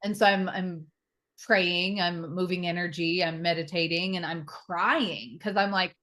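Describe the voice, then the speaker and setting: A woman's voice: on the low side, steady tone, a little slow, fairly bright tone. A woman in her thirties, a podcast guest, telling her personal story openly and emotionally, with fillers and the odd swear word. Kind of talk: candid personal interview.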